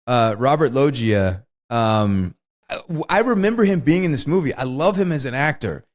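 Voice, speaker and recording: On a podcast he co-hosts, this man chats casually and enthusiastically about a film, often laughing in the middle of a story. His voice is medium in pitch with lively intonation, and he keeps a moderate pace.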